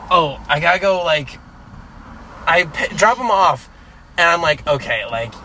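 Young man, podcast co-host, casual storytelling, animated, swears, slightly high voice, noisy background with traffic. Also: a little slow. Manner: animated, swearing, mimics others in quotes.

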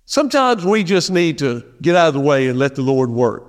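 A man with a notably high-pitched voice preaches to his congregation, talking conversationally and leaning hard on repeated phrases. His voice rings out with a long reverb from the church hall around him. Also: sing-song, brisk. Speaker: pastor. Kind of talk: sermon. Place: church sanctuary.

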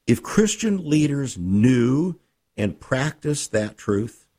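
Slow, husky preacher man. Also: medium pitch, big pitch swings, mellow. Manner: slow, emphatic, repeats key phrases. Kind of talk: sermon with ministry book offer.

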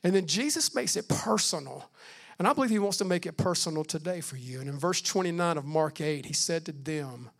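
Man, pastor, sermon, high voice, loud and hushed turns, amen calls. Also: lively intonation, creaky. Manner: preaching with swings from loud emphasis to hushed, slow delivery; calls out "Amen" between points.

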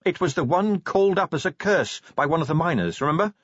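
A man voicing a brisk, cheerful young female watch officer in an audiobook. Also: fairly high pitch, lively intonation, fairly bright tone, husky, dry recording, lo-fi sound, pitched above the performer's own voice. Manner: quick, cheerful.

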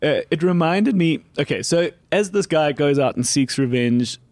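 A young man hosting a casual podcast chat, animated and swearing, laughing as he talks. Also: fairly high pitch, moderate pace, no room sound. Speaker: podcast host.

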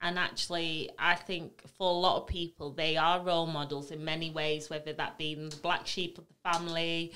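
A woman's voice: low voice, level tone, normal speed, hardly any pauses, sharp tone, clean tone. A woman co-hosting a podcast, talking in an earnest, outspoken way in casual chat. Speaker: podcast co-host, journalist.

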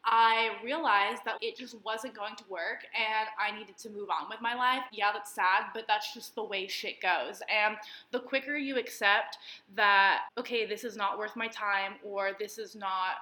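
A woman's voice: mid-range voice, steady tone, unhurried, bright, forceful tone, echoey room. Blunt, fired-up young woman podcaster. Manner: blunt and passionate, swears freely. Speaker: podcast co-host. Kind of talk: casual podcast chat.

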